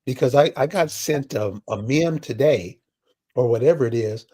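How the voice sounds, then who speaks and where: A man's voice: mid-range voice, moderate pace, warm tone, husky. A man hosting a casual discussion and asking questions, sometimes hesitant and searching for words.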